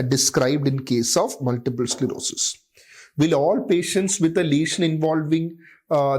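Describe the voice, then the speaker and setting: A man's voice: fairly high pitch, darkish tone. Man teaching medicine, fond of "okay". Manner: repeats key terms, frequent "okay" and "uh" fillers. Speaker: medical lecturer. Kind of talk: clinical teaching lecture.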